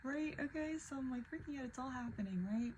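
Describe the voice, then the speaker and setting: A young woman telling a personal story in casual vlog style, animated and full of fillers, often dropping into breathy whispers. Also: high-pitched, fast talker, slight background noise, low-quality recording. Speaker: vlogger.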